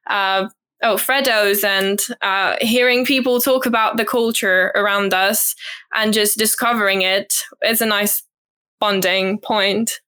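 Hesitant young woman, bright voice. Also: medium pitch, clear, resonant tone. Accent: British English twang. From French-speaking country. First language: French. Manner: thoughtful, hesitant, many ums and light laughs. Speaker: guest, au pair. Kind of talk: casual interview.

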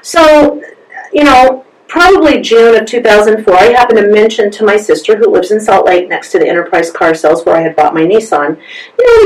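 A woman who works as a massage therapist, appearing as a guest on an interview podcast, tells a personal story with lots of energy. Medium in pitch, she acts out both sides of the conversations and laughs often; the recording is roomy, as if from a distance.

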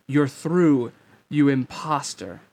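A brooding, troubled teenage swordsman, as a man reading a novel aloud puts him on. His voice is gravelly and stays close to the reader's own, urgent and intense. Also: medium pitch, slow, darkish tone. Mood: bitter.

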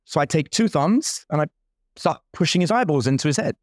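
A man's voice: a little high, expressive, fast, no room sound, studio quality. A man in his forties telling a story in casual talk, playing out the other people's lines as he goes. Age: 40s. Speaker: guest entrepreneur.

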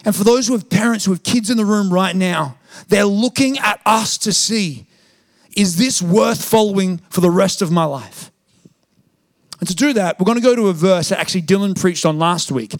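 A pastor preaching with high energy, his voice sitting high and a little gravelly. He tells his story playfully, acting out the voices of others. The sound is close and dry, with no room behind him. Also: normal speed, dry recording. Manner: animated, acts out quoted voices, jokey. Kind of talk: sermon with animated storytelling.

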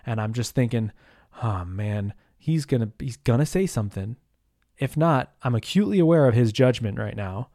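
A man hosts his own podcast in a loose, rambling monologue. He keeps breaking off mid-sentence, leans on fillers and throws in mild curses. His voice sits at an ordinary pitch and sounds dry and close, with no room echo. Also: lively intonation, moderate pace, warm tone. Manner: rambling, self-interrupting, full of fillers and mild swearing. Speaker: podcast host. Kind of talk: casual solo podcast monologue.

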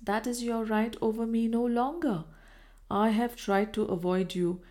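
A woman's voice: on the high side, unhurried, darkish tone, voice pushed up, natural voice. Woman reading a reproachful, troubled Victorian lady in a period audiobook. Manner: cold, reproachful.

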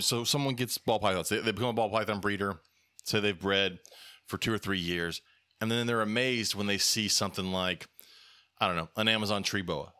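Blunt low man with a bright, dry voice. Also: dry recording. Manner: blunt, sarcastic, ranting. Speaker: podcast host. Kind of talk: casual chat.

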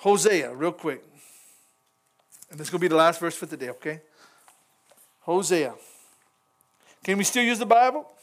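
A man's voice: a little high, very animated, fast, long pauses, fairly bright tone. A middle-aged man, a pastor, preaching an informal sermon in church, folksy and chuckling as he talks straight to the congregation.

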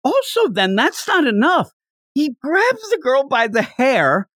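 A podcast co-host in a casual manga discussion, telling the story in an animated way and often acting out what the characters say. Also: high voice, a little slow, no echo, clean studio sound.

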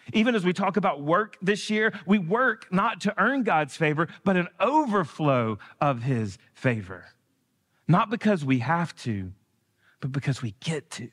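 A man's voice: fairly high pitch, a bit bright. A man preaching in a church with a slightly raised voice and a long hall reverb trailing each line. He is earnest, climbs to emphatic peaks and drags out the key words. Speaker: guest preacher. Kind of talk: sermon. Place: church sanctuary.

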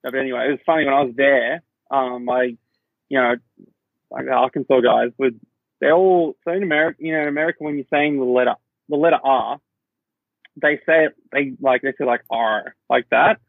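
Speaking fairly quickly in a steady, medium-pitched voice with vocal fry, a young Australian man guests on a podcast and chats casually. His storytelling rambles, full of fillers and self-interruptions as he restarts sentences. There's no room sound, just a dull lo-fi quality.

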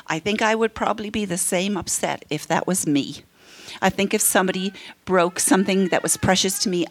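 Friendly woman counselor teaching parents. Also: medium pitch. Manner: friendly, laughs often, acts out parent and child quotes. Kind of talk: workshop talk to a live group.

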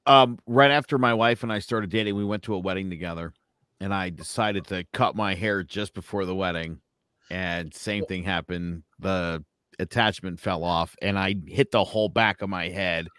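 A man's voice: low-pitched, normal speed, fairly bright tone, clear, resonant tone, no room sound, clean studio sound. A man co-hosting a podcast, telling a short story in a matter-of-fact way. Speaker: podcast co-host. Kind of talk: casual chat.

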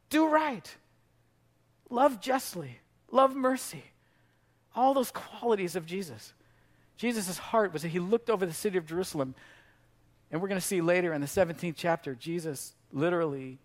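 A middle-aged pastor with a higher-pitched voice preaches a sermon, telling a story with animated delivery and shouting for emphasis.

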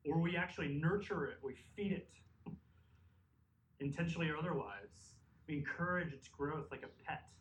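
A man's voice: a little high, lively intonation, normal speed, a bit bright. A man preaching a sermon, earnest and emphatic, with conversational asides. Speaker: pastor. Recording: echoey hall mic from a distance.

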